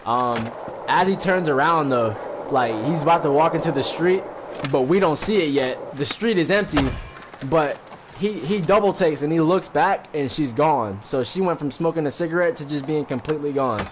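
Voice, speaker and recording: A man's voice: fairly high pitch, animated, moderate pace, noisy background. A man casually retelling a movie plot in slangy, profane speech, full of fillers and asides. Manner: rambling, heavy fillers, profane. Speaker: streamer recapping a movie while gaming.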